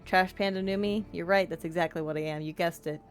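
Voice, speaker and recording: A woman's voice: on the low side, steady tone, brisk, faint music behind. A young woman streaming a game, bubbly, giggly and chatty with her chat.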